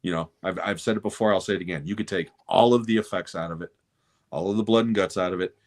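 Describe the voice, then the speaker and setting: A middle-aged man telling a story on a podcast, animated and swearing freely. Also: low-pitched, quick pace. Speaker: podcast co-host. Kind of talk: casual chat, storytelling.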